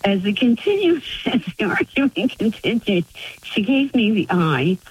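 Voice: mid-range voice, sing-song, normal speed, husky, rough recording. A caller from Florida telling a family story on a radio call-in show, chuckling often. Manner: storytelling, warm with frequent chuckles.

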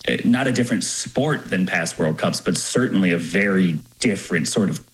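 A man's voice: sits low, animated, normal speed, rough recording. A man sports journalist explaining the game fluently in an interview. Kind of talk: radio interview answers.

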